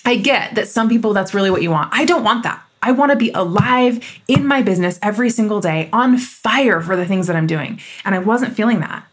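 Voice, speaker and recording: A woman's voice: mid-range voice, animated, a little fast, hardly any pauses. A woman in her thirties hosting a solo podcast, talking in an emphatic, fired-up and candid way. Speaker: podcast host.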